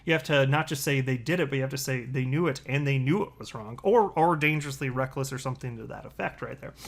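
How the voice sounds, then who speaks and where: A man's voice: medium pitch, quick pace, gravelly. A man hosting a casual crypto commentary video, reading tweets and headlines with sarcastic asides. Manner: sarcastic, animated, lots of asides.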